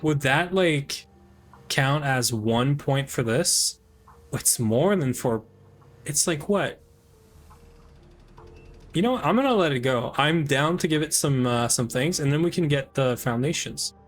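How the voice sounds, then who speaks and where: A man's voice: a little high, expressive, unhurried, long pauses, faint music behind. A man live-streaming a game, chatting casually with friends, rambling with many fillers and restarts.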